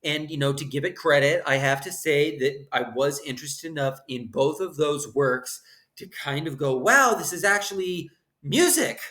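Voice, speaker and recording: A man's voice: on the high side, steady tone, moderate pace, a bit bright. A man in his thirties hosting his channel and giving a snarky, profane opera summary, full of hesitant fillers and blunt put-downs. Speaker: channel host. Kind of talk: opinionated opera summary monologue.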